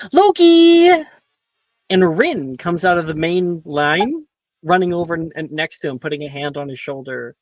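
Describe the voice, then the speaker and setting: A man's voice: medium pitch, gravelly, no room sound. A man narrating a tabletop game as game master in a loose, casual way, often breaking into laughter.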